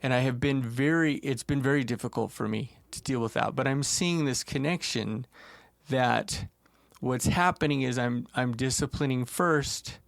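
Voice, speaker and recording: A man co-hosting a podcast, talking earnestly and haltingly about painful experiences, close to tears and repeating words as he gathers his thoughts. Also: medium pitch, creaky, no room sound. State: tearful. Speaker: podcast co-host. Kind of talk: emotional casual conversation.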